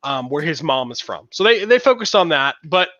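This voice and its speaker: A man's voice: a little high, very animated, moderate pace, pushed and bright, dry recording, dull audio. A man co-hosting a podcast in casual chat, rambling with fillers and restarts. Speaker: podcast co-host.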